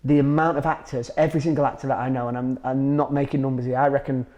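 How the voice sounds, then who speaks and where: Fast-talking Grimsby man. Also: medium pitch, level tone, a little mellow, highs cut off. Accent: Grimsby, Lincolnshire. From England. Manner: rambling, restarts often, says "it's kind of like". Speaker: actor guest. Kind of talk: casual chat.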